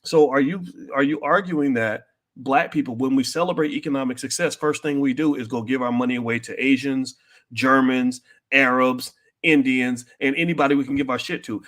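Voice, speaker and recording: A man hosting a commentary show, talking bluntly and directly to his audience, with many restarts and loud, high-pitched outbursts when worked up. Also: normal speed. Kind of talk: opinionated commentary to an online audience.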